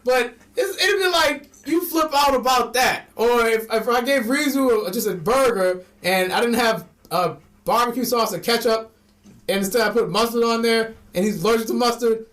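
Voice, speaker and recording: A young man with a high-pitched voice chats on a podcast with plenty of energy. He swears freely and slips into quoted voices as he acts out customers. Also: normal speed, a bit bright. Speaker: podcast co-host. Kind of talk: casual chat.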